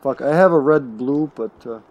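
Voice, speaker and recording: A man's voice: medium pitch, normal speed, dull audio. Swearing male streamer chatting over gameplay. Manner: swearing, joking, talking to teammates. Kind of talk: casual gameplay commentary.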